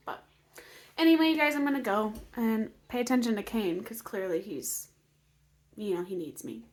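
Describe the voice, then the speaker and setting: A woman's voice: medium pitch, normal speed. A woman vlogging casually about her healing, emotional and open, with many fillers and moments where she drops to a whisper. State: emotional, near tears. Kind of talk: casual personal vlog.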